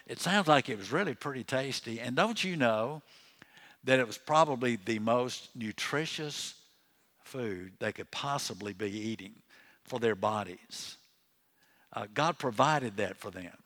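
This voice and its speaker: A man's voice: mid-range voice, a bit bright. A man preaching a sermon as pastor in a church, conversational and chatty, with joking asides and chuckles.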